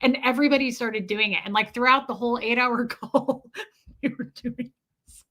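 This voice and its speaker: A woman's voice: fairly high pitch, steady tone, moderate pace, pushed and bright. A woman chatting casually with viewers on a live stream, laughing often and greeting people by name.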